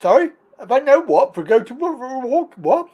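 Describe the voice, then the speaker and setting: A man's voice: extremely high pitch, very animated, a little fast, mellow, dull audio. A man hosting a live call-in stream, chatting casually with callers, laughing easily and filling gaps with ums and yeahs.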